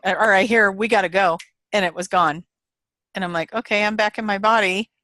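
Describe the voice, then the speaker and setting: A woman's voice: mid-range voice, fairly even intonation, a little fast, bright, forceful tone, dry recording. A woman guest in an interview, telling a story casually, retelling quoted voices with animation and laughter.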